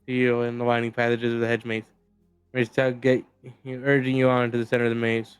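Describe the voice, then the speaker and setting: A man streaming a story game, reading its narration aloud in a steady storytelling way. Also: medium pitch, normal speed, clear, resonant tone, no echo, soft background music.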